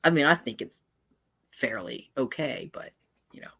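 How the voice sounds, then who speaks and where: A woman hosts a casual live stream, chatting in a wandering way and often breaking off mid-thought to circle back. Her bass voice is husky and a bit bright, and she talks at normal speed.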